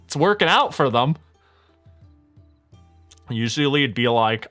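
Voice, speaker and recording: A male streamer in casual stream chat, ranting in a profane, animated way and laughing often. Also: mid-range voice, unhurried, pauses often, soft background music.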